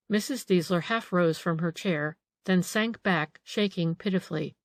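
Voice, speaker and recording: A woman's voice: lowish voice, normal speed, few pauses, no echo, studio quality. Woman narrating an audiobook. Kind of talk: scripted narration.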